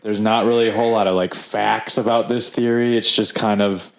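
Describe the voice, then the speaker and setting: Male podcast co-host, low-pitched, loose casual chat with many restarts. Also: fairly even intonation, brisk, gravelly. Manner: rambling, many fillers and restarts.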